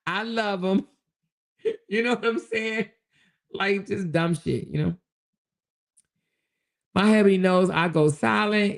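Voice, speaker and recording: Woman doing a casual live chat, gravelly voice, acts out her stories, laughs a lot, calls folks child. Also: on the low side. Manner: animated storyteller, acts out both sides of arguments. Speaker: host of a live commentary show. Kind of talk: casual livestream chat reading viewer comments.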